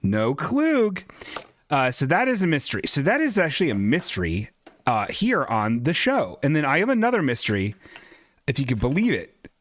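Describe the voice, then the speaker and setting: A man's voice: a little high, wildly swooping pitch, normal speed, a bit bright, dry recording. A man hosting a casual solo podcast, rambling and self-deprecating and swearing freely. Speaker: podcast host. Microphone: desk microphone.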